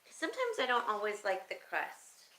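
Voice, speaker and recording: A woman with a bright, clear tone chats casually on a live stream. She reads viewer comments aloud and thinks out loud, often pausing with an easy "um, let's see.". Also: mid-range voice, huge pitch swings, rough recording. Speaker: crafting channel host.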